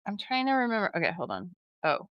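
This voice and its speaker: A woman co-hosting a spooky podcast, talking in a hesitant, soft-spoken way with many fillers. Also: medium pitch, big pitch swings, fast, smooth, no echo, highs cut off. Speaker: podcast co-host. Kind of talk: casual chat.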